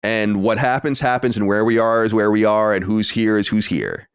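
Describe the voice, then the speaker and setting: A man in his late thirties, a podcast co-host, telling an animated story with exasperated asides in casual chat. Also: fairly low pitch, moderate pace, smooth, no room sound, studio quality. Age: 30s.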